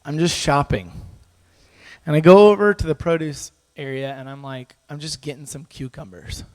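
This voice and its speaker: A man preaching, telling a story with lively acted-out dialogue and frequent laughter. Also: on the high side, normal speed. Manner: animated storyteller, acts out dialogue, laughs often. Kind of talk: sermon storytelling. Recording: echoey hall with long reverb.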